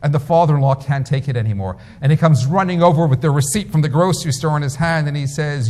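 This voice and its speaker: A man preaching as a rabbi, his voice on the higher side for a man. He tells stories emphatically, and a long reverb trails behind each phrase. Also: fast, few pauses, a little mellow. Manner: storytelling, emphatic. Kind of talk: sermon.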